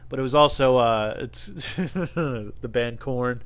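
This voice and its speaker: A man's voice: medium pitch, takes it slowly. A man hosting a podcast in a casual comedic monologue, rambling, swearing a lot and laughing at his own stories. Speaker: podcast host.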